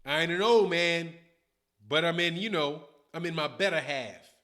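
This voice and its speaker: A man in his fifties hosting a boxing livestream, talking in slangy, animated casual commentary and answering viewer chat. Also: fairly high pitch, moderate pace. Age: 50s. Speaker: boxing channel host.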